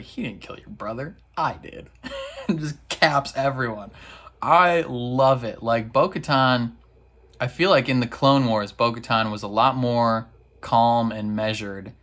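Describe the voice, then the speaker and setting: Speaking slowly in a steady, mid-range voice with a bit of brightness, this man hosts a reaction video and recaps an episode. His talk is slangy and full of laughter, rambling with fillers and restarts, and he does silly voices for the characters.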